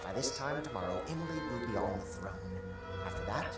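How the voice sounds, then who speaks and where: An actor voicing a middle-aged male conspirator ally in a video game, speaking in a measured, confiding way. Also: medium pitch, lively intonation, close to an everyday voice. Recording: echoey game audio with loud music.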